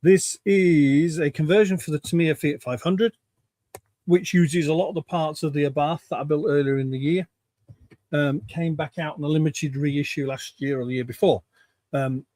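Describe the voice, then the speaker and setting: A man's voice: a little high, no room sound. Man chatting at his workbench. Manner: relaxed, rambling with fillers. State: a bit out of breath. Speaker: co-host. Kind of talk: casual livestream chat. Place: home workbench.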